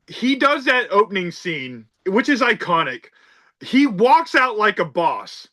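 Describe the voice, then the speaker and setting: A man's voice: sits high, very animated, unhurried, bright, forceful tone. A man hosting a casual podcast about a film, talking emphatically and tossing out rhetorical asides. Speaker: podcast host.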